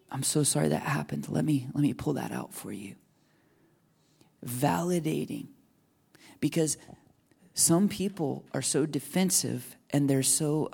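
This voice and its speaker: A man preaching an earnest, tender sermon, often dropping to hushed near-whispers. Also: mid-range voice, creaky. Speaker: pastor.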